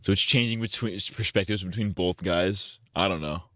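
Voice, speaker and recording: A man's voice: sits low, normal speed, a bit bright. A young man on a live stream, casually drafting crude parody lyrics, muttering to himself and half-singing lines.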